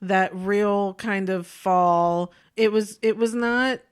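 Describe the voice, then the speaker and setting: A woman co-hosting a podcast in casual chat, animated and opinionated, often laughing as she talks. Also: mid-range voice, slow, clean tone. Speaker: podcast co-host.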